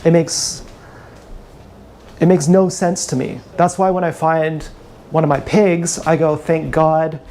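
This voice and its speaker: A man's voice: a little high, steady tone, a little slow, pauses often, warm tone, slight background noise. A man ranting bitterly and with contempt on a live stream, often repeating himself, filmed on an action camera. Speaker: vlogger.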